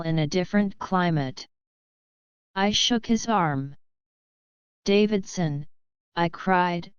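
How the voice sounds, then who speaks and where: A woman's voice: lowish voice, takes it slowly, long pauses, smooth, no echo, muffled recording. A woman narrating a classic short story as an audiobook, reading the dialogue with light changes of voice. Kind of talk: scripted narration.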